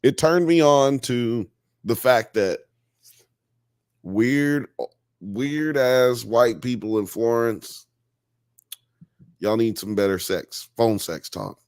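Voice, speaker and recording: A man hosting a live-stream show, chatting casually in an animated, slangy, joking way. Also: mid-range voice, takes it slowly, pauses often, clear, resonant tone, no echo, studio quality. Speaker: podcast host.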